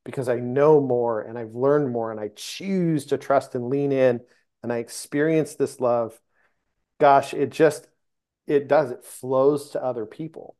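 A man's voice: medium pitch, steady tone, measured pace, mellow. Male guest on a faith chat, earnest, often restarts mid-sentence. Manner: earnest, searching for words, with many restarts. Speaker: podcast guest. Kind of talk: casual faith conversation.

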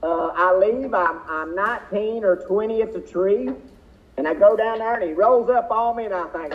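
High-voiced man on a tinny line. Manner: folksy, drawn-out storytelling with fillers. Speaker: drag racer guest. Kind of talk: casual storytelling interview.

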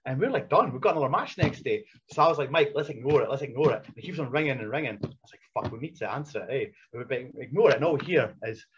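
A man in his thirties, a professional wrestler, telling anecdotes in a casual interview, animated and blunt with frequent laughter. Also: medium pitch, fast, hardly any pauses, a little hiss or hum. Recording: dull lo-fi recording.

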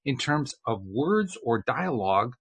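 Husky-voiced man hosting a chatty show. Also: mid-range voice, sing-song, unhurried. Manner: chatty, self-deprecating, with restarts. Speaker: podcast host. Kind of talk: casual chat.

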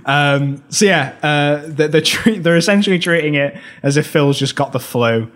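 A man's voice: on the high side, normal speed, fairly bright tone. A British man co-hosting a film podcast, recapping scenes in a rambling casual way, laughing often and restarting his sentences.

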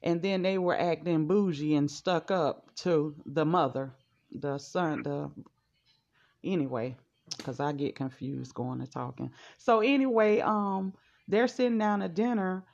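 A woman's voice: sits low, unhurried, gravelly, darkish tone. A woman chatting casually on a podcast, speaking reflectively and often restarting her sentences. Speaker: podcast co-host. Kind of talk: casual chat. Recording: dull lo-fi podcast audio.

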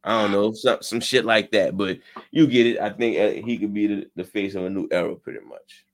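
A man's voice: lowish voice, fairly even intonation, brisk. A man co-hosting a casual wrestling podcast, talking bluntly with slang and profanity. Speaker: podcast co-host.

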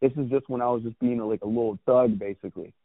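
Here a man in his thirties, a guest and clothing brand founder, tells a personal story quickly with a medium pitch and steady tone. He's candid and wanders, with many restarts and swear words; the recording is tinny and phone-like, dry with no echo.

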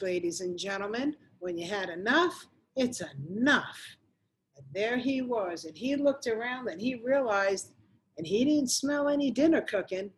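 A woman's voice: medium pitch, low-quality recording. A middle-aged woman giving an emphatic motivational talk to viewers and repeating phrases for effect. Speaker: motivational coach.

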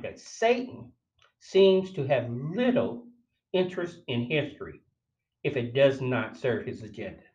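A man's voice: mid-range voice, reverberant, lo-fi sound. A man hosting a podcast, reading his own written commentary aloud with emphatic stress on single words and breaking off for spoken asides. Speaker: podcast host.

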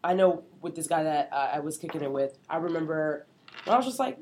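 A woman's voice: deep voice, a little fast, a little hiss or hum. A woman chatting casually, speaking emphatically and often laughing through her words. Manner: emphatic, animated, laughs while talking. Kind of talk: casual chat.

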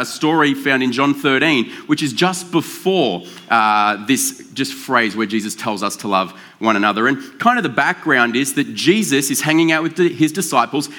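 Bright-voiced casual man preaching. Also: medium pitch. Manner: conversational and joking, with drawn-out emphasis. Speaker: pastor. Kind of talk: casual sermon.

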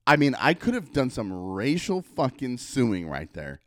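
A man's voice: mid-range voice, wildly swooping pitch, moderate pace, dry recording, clean studio sound. A man in his thirties, a podcast co-host, telling stories in casual chat, profane and acting out quoted people.

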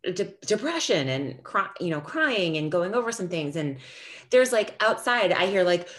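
Animated, laughing woman telling stories. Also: lowish voice, normal speed. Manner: animated storytelling, swearing, laughing often. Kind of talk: casual chat.

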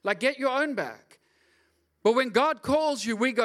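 Animated pastor, bright high voice. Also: male voice, moderate pace. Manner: animated, jokey, acts out voices. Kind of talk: lively sermon with humor.

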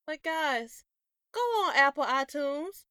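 Chatty Southern woman with a Southern accent, giggly podcast co-host, bright and animated. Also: high-pitched, takes it slowly, dry recording, clean studio sound. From American South. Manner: giggly, chatty, laughs often. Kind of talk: casual chat.

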